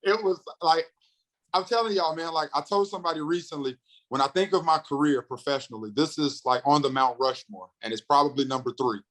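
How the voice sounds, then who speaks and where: A comedian and radio host in his thirties, originally from North Carolina, chats on a podcast and tells stories with gusto. He mimics the voices of the people involved and rushes ahead when excited, all in a medium pitch. The recording is rough.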